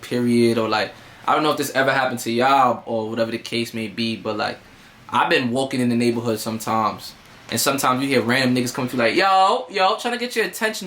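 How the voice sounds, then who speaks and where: A man's voice: medium pitch, quick pace, bright, forceful tone. A man telling a story in a casual, slangy, streetwise way, full of fillers. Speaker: vlogger.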